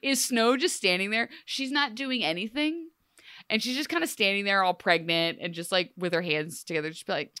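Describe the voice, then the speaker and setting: A woman co-hosting a casual TV recap chat, sarcastic and animated, with many "like"s. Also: medium pitch, normal speed, clear, resonant tone, no echo, clean studio sound. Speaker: podcast co-host.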